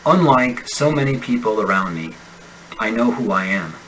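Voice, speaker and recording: A man with a General American accent, an accent instructor reading example sentences and single words slowly and deliberately in a pronunciation lesson. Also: fairly low pitch, lively intonation, a bit bright, dull audio, a little hiss or hum. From United States. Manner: slow, deliberate enunciation of sample words.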